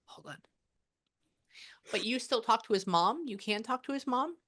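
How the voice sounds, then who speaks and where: A woman working as a psychic medium, talking casually and excitedly with many fillers, relaying what spirits say. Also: on the high side, brisk. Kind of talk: casual spirit reading session.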